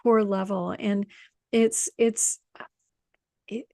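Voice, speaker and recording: A woman coach tells an animated story in casual conversation, acting out the voices of the people in it. Her voice sits in a middle pitch, and the sound is dry and close. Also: takes it slowly, creaky, no echo. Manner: animated storyteller, acts out quotes, laughs often. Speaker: intuition coach.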